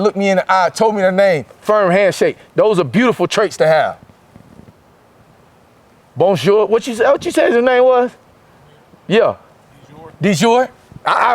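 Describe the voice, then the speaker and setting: High-voiced, preachy motivational speaker man. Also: expressive, unhurried, long pauses. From Florida, USA. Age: 40s. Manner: preachy and emphatic, with rhymes and street slang. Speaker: motivational speaker to a football team. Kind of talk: motivational speech.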